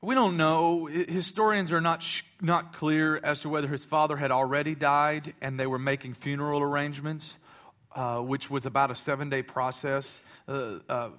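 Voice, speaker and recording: A male pastor in his thirties preaching a sermon, swinging between loud impassioned preaching and soft confiding talk, with many stammering restarts. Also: fairly high pitch, fairly even intonation, normal speed.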